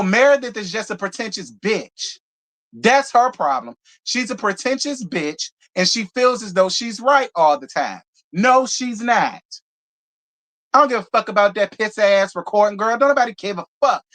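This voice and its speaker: A reality TV reviewer who hosts a channel rants through a live show review, blunt, profane, and heated, hammering each point by saying it again. The voice is medium in pitch with a fairly bright tone.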